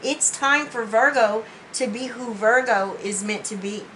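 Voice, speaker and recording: A tarot reader, a woman, gives a spiritual reading in an earnest, heartfelt way, emotional and near tears, often saying "you know" and restarting a lot. Her voice is on the high side, a little slow and a bit bright, in a rough recording with slight background noise.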